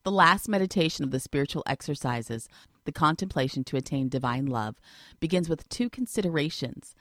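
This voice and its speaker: A woman's voice: deep voice, lively intonation, brisk, a bit bright, dry recording, studio quality. A woman narrating a devotional story and turning to the listener with questions. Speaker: reader.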